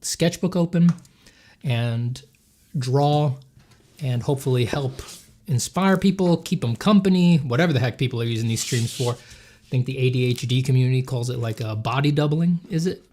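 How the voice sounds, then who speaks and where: An artist streaming as he draws chats casually, joking, rambling and self-deprecating while he thanks supporters and handles chat questions. His voice is mid-range and dark, at normal speed.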